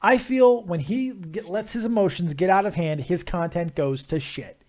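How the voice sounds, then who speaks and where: A man hosting a live call-in stream, talking casually, joking and swearing loudly. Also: sits high, moderate pace. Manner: loud, profane, joking, drifts into mock singing. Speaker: livestream host.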